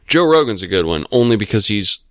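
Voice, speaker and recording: A man's voice: on the low side, sing-song, brisk, no echo, clean studio sound. A man from the United States in casual chat, rambling and swearing, full of fillers and restarts. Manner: rambling, profane, lots of fillers.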